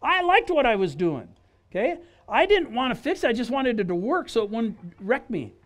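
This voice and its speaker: High-voiced middle-aged man telling his testimony. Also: normal speed. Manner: animated, conversational, acts out quotes, frequent "right?". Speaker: guest speaker giving testimony. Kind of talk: personal testimony storytelling. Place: outdoor church service in a park.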